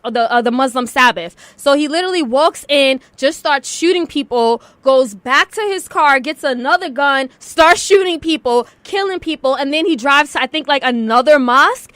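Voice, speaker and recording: A woman hosting a talk radio show, chatty and quick to laugh, earnest when the news turns serious. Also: high-pitched, pushed and bright, no room sound.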